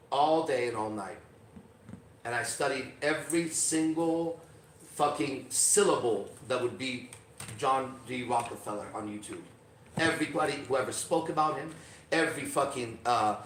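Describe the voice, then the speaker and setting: A middle-aged man telling a personal story on a podcast, emphatic and profane, swinging from quiet to loud. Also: mid-range voice, recorded from a distance, a little hiss or hum. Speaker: podcast host. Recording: roomy echo, off-mic.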